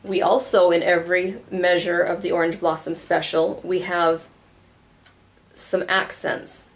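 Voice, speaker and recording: A woman with a fairly low voice leads a violin lesson. She explains patiently and counts beats aloud as she goes. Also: little pitch movement, unhurried. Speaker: violin teacher. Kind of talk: instructional tutorial.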